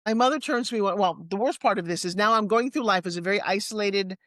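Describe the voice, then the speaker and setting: A woman in her sixties with a New York accent, a guest telling personal stories in a lively, candid way with quick asides. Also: medium pitch, no room sound, clean studio sound. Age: 60s. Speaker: interview guest. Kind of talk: personal storytelling in conversation.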